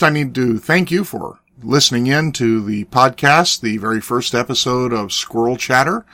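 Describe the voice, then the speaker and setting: Guy hosting a podcast, hoarse and raspy from yelling at games, folksy and earnest, dry close sound. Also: medium pitch, dry recording. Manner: folksy, earnest, with frequent restarts. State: hoarse from cheering. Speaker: podcast host and preacher. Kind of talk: casual chat.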